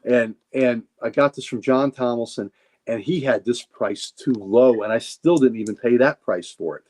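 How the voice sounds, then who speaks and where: A man's voice: mid-range voice, moderate pace, darkish tone. A man chatting casually on a livestream, showing off his comic books with rambling enthusiasm and frequent repeated words. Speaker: guest comic collector.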